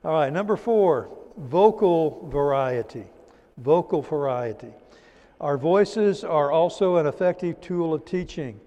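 A man teaching a church teacher-training class, repeating key terms slowly for notes and adding folksy "amen" asides. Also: a little high, lively intonation, warm tone, in a large hall, muffled recording. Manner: folksy, drops in "amen" and "praise the Lord".

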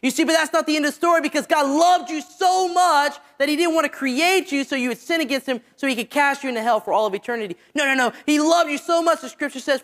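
Squeaky-voiced guy preaching to a church, drawn-out lines that drop low at the end. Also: fairly bright tone. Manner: emphatic, drawn-out phrases that drop low at the ends. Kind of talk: evangelistic sermon.

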